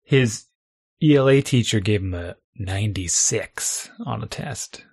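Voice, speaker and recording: A man's voice: on the low side, measured pace, vocal fry, breathy edge. A middle-aged man chatting casually as a podcast co-host, reflective, thinking aloud and laughing often. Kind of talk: casual chat.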